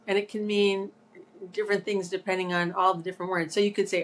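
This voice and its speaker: A woman's voice: medium pitch, steady tone, fast. A woman co-hosting a talk show, explaining points with examples in a casual chat. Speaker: podcast co-host.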